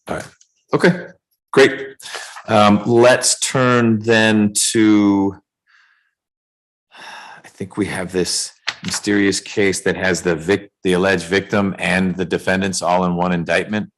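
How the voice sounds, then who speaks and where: A man presiding as judge over a remote court calendar hearing, speaking in a measured way with dry jokes, over a video call. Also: low-pitched, little pitch movement, fairly bright tone, low-quality recording.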